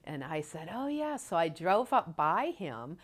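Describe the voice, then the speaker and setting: A woman telling a personal memory in a halting way, with many fillers and some soft whispered stretches. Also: low voice, sing-song. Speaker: storyteller recalling a loved one. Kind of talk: personal recollection.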